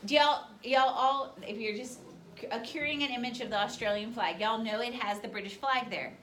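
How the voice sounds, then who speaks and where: Woman, history teacher, quizzing the class, bright voice, slightly high, distant classroom recording with faint noise. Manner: quizzes students with rapid questions. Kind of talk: classroom lecture with questions. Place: school classroom.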